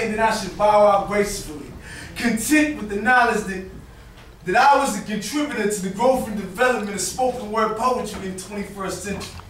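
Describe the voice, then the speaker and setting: High-voiced man performing spoken word. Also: a bit bright, slight background noise. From Boston, USA. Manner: rhythmic, rhyming delivery with dramatic emphasis. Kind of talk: spoken word poetry performance at an open mic. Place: performance venue with audience. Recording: echoey room, mic from far off.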